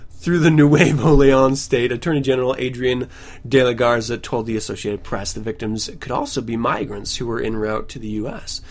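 A man's voice: medium pitch, normal speed. A man hosting a podcast at home, reading news stories aloud and breaking off into sarcastic, ranting asides. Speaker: podcast host.

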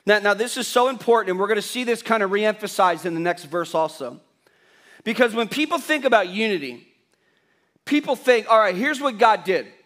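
A man's voice: high-pitched, expressive, fairly quick, fairly bright tone. A male pastor preaching a sermon in a church, emphatic and repeating key phrases, putting questions to the congregation. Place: church sanctuary.

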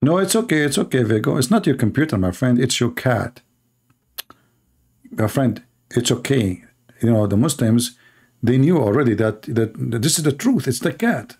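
A man's voice: mid-range voice, lively intonation, moderate pace, darkish tone, breathy edge. A man hosting a live stream, mocking and sarcastic, in broken English. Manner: sarcastic, mocking, non-native English grammar. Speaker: debate stream host.

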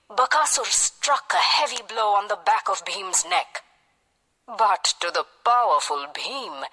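A woman narrating a children's storybook tale in a lively storytelling manner. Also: on the high side. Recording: long hall reverb.

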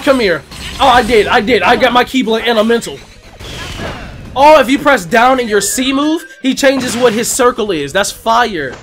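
A man with a high, lively voice rattles off slang-filled commentary while he plays a fighting game. He jumps from loud outbursts to laughter, his pitch swinging constantly. Bouncy game music plays loudly behind him. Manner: excitable, shouting and laughing, heavy slang. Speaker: gaming YouTuber. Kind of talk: excited gameplay commentary.

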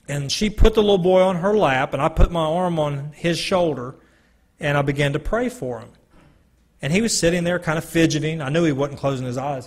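A man with a somewhat high, husky voice recounts a personal testimony to a gathering. He tells it earnestly, acting out the dialogue as he goes, into a mic in a meeting room. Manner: earnest storytelling with quoted dialogue. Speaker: speaker giving a testimony. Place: church hall or meeting room. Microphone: handheld or stand mic, sometimes stepping away.

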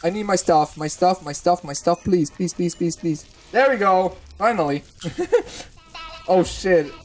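Excitable panicky game commentator. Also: mid-range voice, a little slow, soft background music. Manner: excitable, swears a lot, repeats words in panicked bursts. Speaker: gamer hosting a let's-play channel. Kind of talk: gameplay commentary.

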